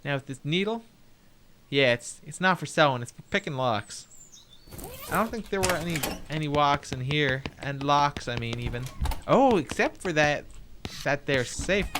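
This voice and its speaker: A man's voice: on the high side, expressive, moderate pace, fairly bright tone, slight background noise. A young man streaming a game, playfully commenting and reading dialogue aloud. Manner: playful, jokey, laughs often.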